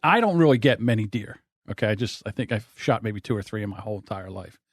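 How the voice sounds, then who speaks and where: A man hosting a podcast, telling a rambling story in a lively, laughing way. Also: on the low side, fast, dry recording, studio quality. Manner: animated, laughing, repeats himself. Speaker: podcast host. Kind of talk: casual storytelling.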